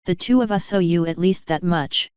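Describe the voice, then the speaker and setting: A woman's voice: on the low side, normal speed, darkish tone, clean tone, no room sound, lo-fi sound, lightly acted. A woman voicing a grumpy, proud male fire elemental who talks in a huffy, growling way. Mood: gruff.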